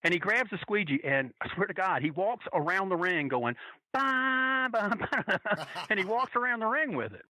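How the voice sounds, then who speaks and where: Bright-voiced man telling a rowdy story. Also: high-pitched, fairly quick, hardly any pauses, no room sound, rough recording. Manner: animated, profane, rambling with restarts. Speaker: podcast guest telling a wrestling fan story. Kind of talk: casual storytelling.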